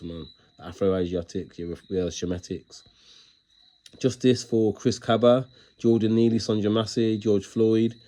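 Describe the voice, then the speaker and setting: Deep flat-voiced man preaching to followers. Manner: repeats "man" as a tag, restarts and stumbles; preachy, insistent, reads passages aloud from books. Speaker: self-styled religious speaker. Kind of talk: casual monologue to followers.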